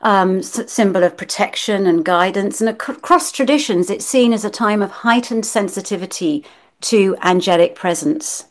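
A British woman of medium pitch interprets dreams on a podcast. She explains in a gentle, measured way and often ends her points with a tag question. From Britain. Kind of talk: casual chat, explaining.

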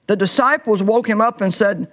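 A woman's voice: mid-range voice, normal speed, a bit bright. A woman preaching a sermon in an earnest way, stretching words out for emphasis.

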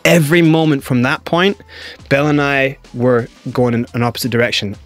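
A man's voice: medium pitch, normal speed, faint music behind. Scottish man telling his story. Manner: animated, acts out other people's lines. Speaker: interview guest. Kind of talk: candid storytelling.

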